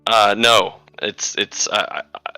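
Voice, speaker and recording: Male player, flustered and halting, very bright tone. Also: fairly low pitch, fairly even intonation, smooth, no echo, faint music behind, low-quality recording. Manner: flustered, stammering with fillers. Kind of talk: casual tabletop play.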